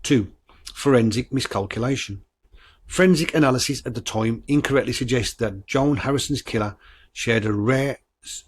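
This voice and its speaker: A man's voice: mid-range voice, husky. A man hosting a true-crime podcast, talking bluntly with swearing, stumbles and restarts, and reading from his notes. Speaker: podcast host.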